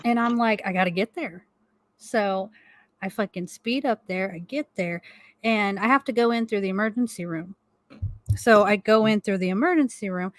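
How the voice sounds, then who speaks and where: Sounding close and dry with no room around her, a middle-aged woman at ordinary pitch co-hosts a live stream chat from home. She's animated and blunt, spilling a casual story laced with swearing and quick laughs.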